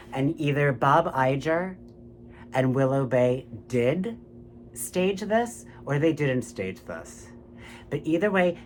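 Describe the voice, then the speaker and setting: A man's voice: mid-range voice, a little hiss or hum. A man delivering a ranting political monologue. He swears a lot and keeps turning to the listener with "my friends, right?". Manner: animated, profane, keeps saying "my friends, right?".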